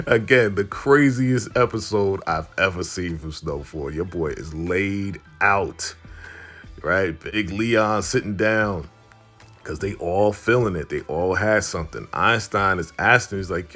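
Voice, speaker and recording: A man with a slightly low voice hosts a casual recap of a TV drama. He tells the story in an animated, chatty way, laughing along and voicing the characters' lines as he goes. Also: a little slow, faint music behind. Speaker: show recap host.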